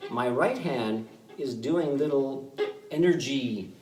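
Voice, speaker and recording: A man teaching fiddle in an online workshop. He explains in a relaxed, halting way, with many fillers. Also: medium pitch. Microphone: video call. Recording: roomy sound, mic at a distance, loud fiddle playing.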